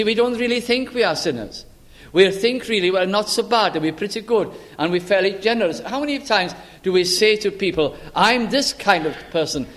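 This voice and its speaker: A man preaching a sermon in an earnest, deliberate way, acting out the voices he quotes. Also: high voice.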